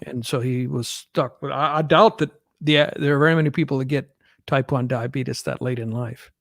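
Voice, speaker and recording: A man's voice: medium pitch, steady tone, normal speed, gravelly, fairly bright tone, no room sound, studio quality. A man co-hosting a podcast, talking casually in long, rambling stretches with frequent restarts. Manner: rambling, restarts often, laughs easily. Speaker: podcast co-host. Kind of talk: casual chat.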